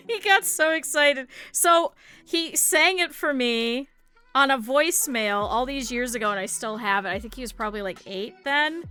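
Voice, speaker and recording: A young adult woman from the American Midwest, chatting casually on a livestream. Her voice sits high and sounds bright and sharp. She rambles through stories with plenty of fillers, swearing and laughter, and faint music plays underneath. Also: moderate pace, smooth. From Cleveland area, United States. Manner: rambling anecdotal storytelling with lots of swearing and laughter; many fillers and restarts, voices others in her quotes. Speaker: streamer. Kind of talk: casual chat while crafting.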